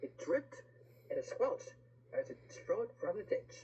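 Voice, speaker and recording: Expressive woman reading a picture book. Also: medium pitch, measured pace, breathy edge, highs cut off. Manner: lively rhyming read-aloud with asides to the listener.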